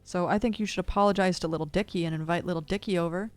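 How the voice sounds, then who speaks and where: A woman's voice: fairly low pitch, fairly even intonation, very fast, no room sound. A woman delivering an agitated, accusatory rant at home. She swears heavily, and her voice is close and dry on a studio dynamic mic. Faint music plays underneath. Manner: agitated, heavy cursing, accusatory. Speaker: streamer. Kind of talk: ranting monologue.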